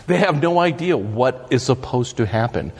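A man telling a story as a podcast guest, animated and laughing, acting out shouted quotes. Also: medium pitch, moderate pace, breathy edge, long reverb tail. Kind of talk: casual storytelling.

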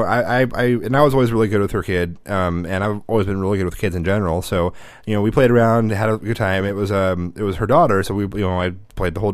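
A man's voice: sits low, dry recording, studio quality. A man in his thirties chatting casually on a podcast, telling a rambling, profane story.

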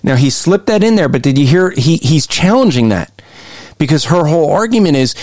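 A man co-hosting a podcast, giving emphatic, argumentative commentary on interview clips he plays and pauses. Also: a little high, very animated, a little mellow, no echo. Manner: emphatic, argumentative, often shifts pace. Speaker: podcast co-host.

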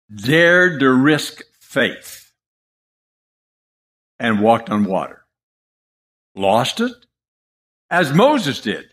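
A man preaching a sermon, moving between loud emphasis and hushed asides. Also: a little high.

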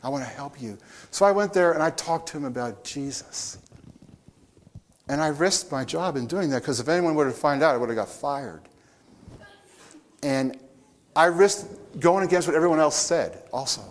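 A man preaching a conversational sermon, telling stories with animated asides to the audience. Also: a little high, normal speed, pauses often. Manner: animated, with restarts and chuckles.

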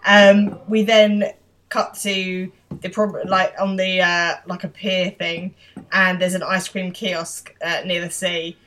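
A woman's voice: lowish voice, little pitch movement, takes it slowly, fairly bright tone, a little hiss or hum. A woman co-hosting a podcast, describing scenes and explaining British slang in casual chat. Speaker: podcast co-host.

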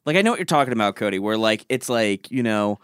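A man's voice: on the low side, expressive, fast talker, smooth, dry recording, clean studio sound. A man discussing movies on a casual podcast, reasoning through a counterpoint. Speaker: podcast co-host.

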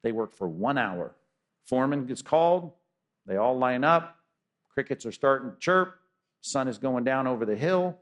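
Guy preaching a sermon, punchy, keeps firing rhetorical questions, mid pitched voice. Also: expressive, moderate pace, fairly bright tone, lo-fi sound. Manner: emphatic, rhetorical questions, acts out quotes. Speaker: pastor.

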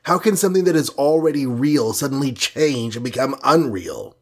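A man's voice: mid-range voice, lively intonation, moderate pace, voice pushed up. A man reading a storybook and voicing a brash wisecracking hero, flippant and mocking.

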